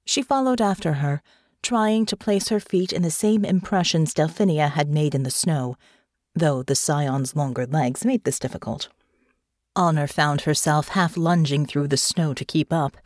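A woman narrating an audiobook in an expressive, measured storytelling manner. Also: low voice, no echo, studio quality. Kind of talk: scripted narration.

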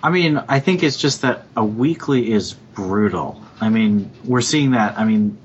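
A low-voiced man makes his point plainly on a podcast. His audio is dull, and a faint rumble sits underneath. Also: measured pace. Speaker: podcast co-host. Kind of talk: casual podcast chat.

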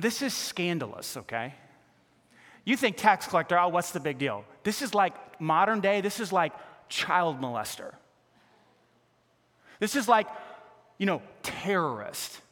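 A male pastor preaching a sermon with animated delivery, acting out the voices of people in the stories he tells. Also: sits high, measured pace, pauses often, big-room sound. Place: church sanctuary.

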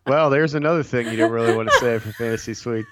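A man's voice: mid-range voice, quick pace, background noise. A man guesting on a podcast, chatting casually with frequent restarts. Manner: conversational, hesitant restarts.

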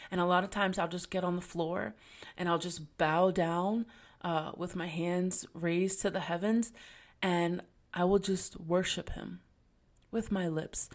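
Woman, faith podcast host, earnest and encouraging, low-pitched voice, casual slang.

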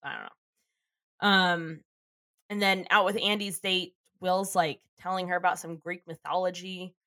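Woman podcast co-host, low voice, casual swearing, dry close sound. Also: steady tone, measured pace, bright, forceful tone, dry recording. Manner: chatty, laughs often, swears casually. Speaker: podcast co-host recapping a TV episode. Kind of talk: casual chat.

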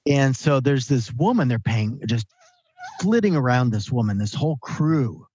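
A man guest on a podcast interview, telling stories in an animated, emphatic, conversational way. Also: mid-range voice, moderate pace, husky, no echo. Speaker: guest, author and speaker.

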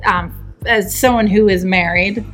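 Woman guest, mid voice, halting and sincere, light music underneath. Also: mid-range voice. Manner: heartfelt, hesitant, many fillers. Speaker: podcast guest. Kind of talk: casual film discussion.

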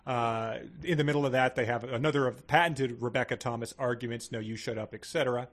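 A man co-hosting a casual podcast, retelling a book's plot and loudly acting out its quoted lines. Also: mid-range voice, fairly even intonation, fast. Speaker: podcast co-host. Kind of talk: casual chat retelling a book.

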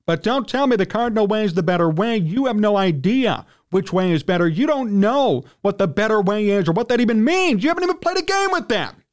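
A man hosting a sports talk radio show, ranting indignantly in a heated monologue and often clearing his throat. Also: sits high, sing-song, normal speed.

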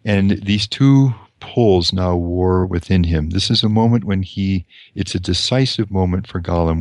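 A man with a very deep voice reads a novel aloud and reflects on it in a slow, measured way, pausing often. The sound is dry and close, with no room in it. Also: no echo. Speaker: priest.

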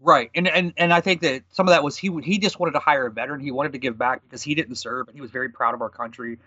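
Fast-talking bright-voiced man. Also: mid-range voice, dry recording, highs cut off. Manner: fast, animated storytelling with quoted dialogue. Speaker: guest. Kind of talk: conversational storytelling.

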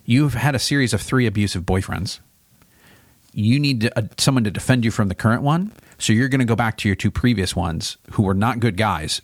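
A pastor who co-hosts a podcast works through a Bible chapter, his low-leaning voice thoughtful and casual until he gets animated voicing God's questions. The recording is dry, with clean studio sound.

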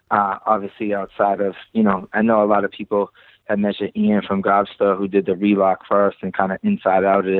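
A low-voiced man with a Boston accent, chatting loosely as a podcast guest. He rambles and swears offhandedly. The sound is tinny and phone-like, with a dry, close feel. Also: no room sound. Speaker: podcast guest, creative director. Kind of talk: casual podcast chat.

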